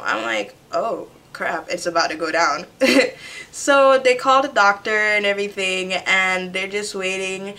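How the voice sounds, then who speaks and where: Chatty young woman with a bright voice. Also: medium pitch, unhurried. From Jamaica. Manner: chatty, animated retelling with quoted voices. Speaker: vlogger. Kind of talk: casual storytelling to camera. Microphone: camera mic.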